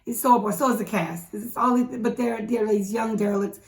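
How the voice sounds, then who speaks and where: A woman co-hosting a casual movie review, talking in a chatty, animated way with quick asides. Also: a little high, gravelly. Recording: echoey room, mic at a distance.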